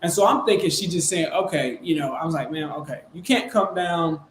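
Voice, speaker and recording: A man casually recounting a business deal and acting out the quotes in an animated way. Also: brisk. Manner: animated, acts out quotes in a high excited voice. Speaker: real estate wholesaler. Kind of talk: casual storytelling chat. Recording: echoey room with faint noise.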